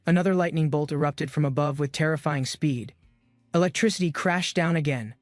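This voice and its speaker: A man's voice: fairly high pitch, brisk, dry recording, soft background music. A man giving scripted, dramatic narration of a comic-book recap.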